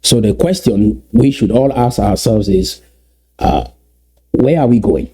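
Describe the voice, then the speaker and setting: A man delivers a fervent address to his community, leaning on repetition and rhetorical questions. His voice is very dark and mellow, with a husky edge. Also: lowish voice, a little slow. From Southern Cameroons. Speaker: political speaker.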